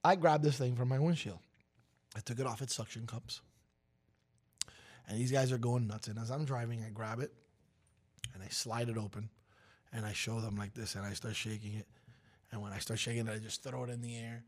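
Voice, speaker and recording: With a medium pitch, a fairly quick delivery, and long pauses, this man in his forties co-hosts a radio program. He's an animated storyteller in casual chat, loudly playing out the words of the people in his story.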